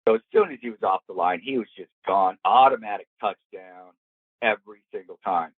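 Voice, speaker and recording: A man's voice: fairly low pitch, a little fast, slightly rough, no room sound. An older man, a golf professional, telling a story as an interview guest, acting out the lines of the people in it. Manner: lively, acts out quoted lines in the story. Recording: tinny dry phone-like line.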